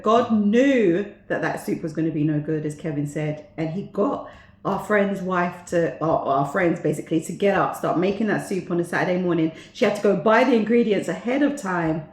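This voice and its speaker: A woman's voice: lowish voice, moderate pace. Woman, co-host, casual faith chat, laughs often, roomy echo.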